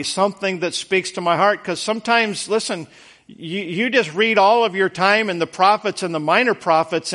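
Man, preacher, fairly high voice, earnest, folksy, conversational sermon, repeats words for emphasis. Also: pushed and bright.

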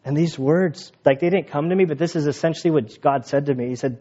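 A man's voice: on the high side, fast talker, hardly any pauses, mellow. A man in his thirties, a pastor preaching a sermon as a casual personal story, full of fillers like "like" and "I mean". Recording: dull lo-fi sound.

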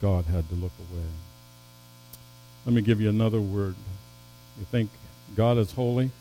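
A man preaching a sermon as pastor, swinging from loud emphatic peaks down to low, soft passages, with stumbling restarts. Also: normal speed, a little hiss or hum, low-quality recording.

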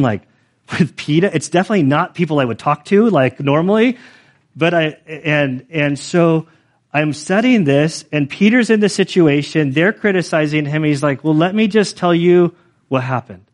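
A man's voice: fairly high pitch, animated, normal speed. A middle-aged man preaching as a pastor in a casual, conversational storytelling way, full of fillers like "like". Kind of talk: storytelling sermon.

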